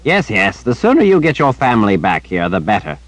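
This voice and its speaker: A man reading an audiobook, voicing an old male wizard who is gentle and grandfatherly toward a child. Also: fairly low pitch, huge pitch swings, fairly quick, no room sound, pitched above the performer's own voice, poor audio. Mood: fond.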